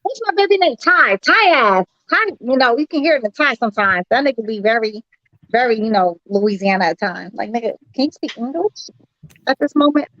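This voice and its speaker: A woman's voice: fairly high pitch, animated, brisk, fairly bright tone, dry recording, lo-fi sound. A woman in loose, profane, laughing group chat.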